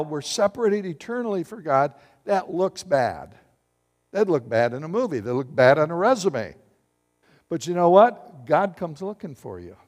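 A man preaching a sermon as pastor, animated and joking with his congregation. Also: sits high. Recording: long hall reverb.

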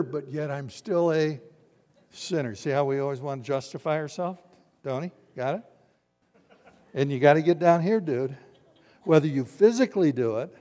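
An older man preaching a sermon as pastor, swinging from loud emphatic lines to quiet hushed ones. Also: on the high side, normal speed, long pauses. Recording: long hall reverb.

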